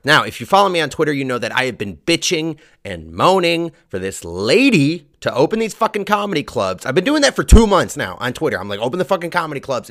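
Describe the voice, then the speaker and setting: A man's voice: mid-range voice, bright, forceful tone. A comedian hosting his podcast from a home basement, ranting crudely and angrily. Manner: angry, crude, exasperated ranting. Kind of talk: profane ranting monologue.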